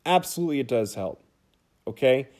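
A man's voice: medium pitch, lively intonation, a little fast, a little mellow. A middle-aged man teaching a history lesson from home in a casual lecture style, often checking in with "okay?" and "right?". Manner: conversational, frequent "okay?" and "right?" check-ins. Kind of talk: recorded classroom lecture over slides. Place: home room, cats nearby.

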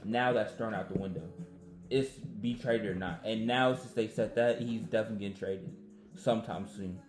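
A man's voice: lowish voice, normal speed, echoey room, soft background music. A man arguing in a casual sports debate, pressing his point and repeating himself when pushed.

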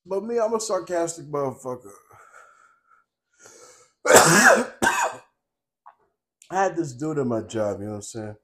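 A young man co-hosting a podcast, telling stories in a casual, profane, streetwise way and constantly asking "you know what I'm saying", getting loud and laughing when fired up. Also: fairly high pitch, lively intonation, slow pace, long pauses, slight background noise. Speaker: podcast co-host. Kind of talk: casual chat.

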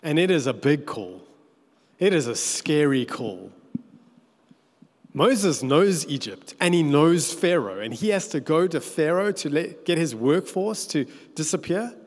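A man preaching a sermon, telling the story with animated, playful asides. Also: on the high side. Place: church hall. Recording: echoey church hall.

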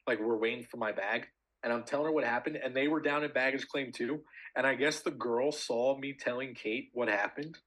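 A man's voice: mid-range voice, a little fast, a bit bright, rough recording. A young man co-hosting a podcast, telling a story in casual chat, swearing a lot with many fillers. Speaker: podcast co-host.

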